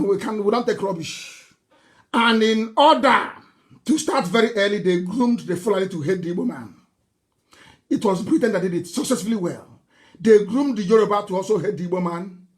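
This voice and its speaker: Man, Nigerian accent, political broadcast, fiery, scornful, repetitive, shouting bursts. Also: high voice. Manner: fiery, mocking, scornful laughter, repeats phrases, bursts into shouting. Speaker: political activist leader.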